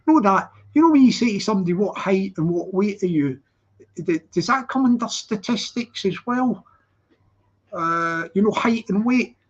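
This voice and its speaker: A man's voice: high voice, expressive, moderate pace. A man hosting a casual live stream, rambling and repeating words as he restarts his sentences. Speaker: channel host. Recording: slightly dull lo-fi audio.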